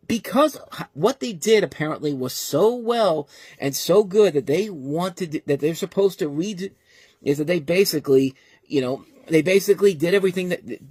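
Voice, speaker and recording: A man's voice: fairly high pitch, darkish tone, breathy edge, no echo. A man giving a casual, exasperated movie review, rambling with frequent restarts. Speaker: film reviewer.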